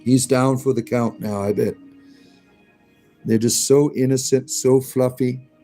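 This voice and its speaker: A man's voice: mid-range voice, fairly even intonation, unhurried, dark tone, faint music behind. A man live streaming in a casual chat, cooing at his pets in a playful, rising baby-talk voice.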